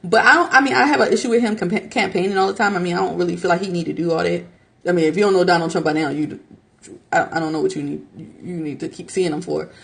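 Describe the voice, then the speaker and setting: Chatty young woman with a gravelly edge. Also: fast talker. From United States. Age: young adult. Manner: animated, mimics others in high squeaky voices; laughs while talking. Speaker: podcast host. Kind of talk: casual opinion monologue.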